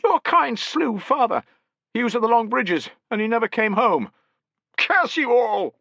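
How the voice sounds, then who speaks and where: A male narrator plays a young boy, tearful and defiant, shrieking his grief. The voice leaps far above the reader's own, bright and piercing, recorded dry and close. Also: extremely high pitch, big pitch swings, a little slow, vocal fry, dry recording, dull audio, voice pushed up, exaggerated voice. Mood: tearful rage. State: crying.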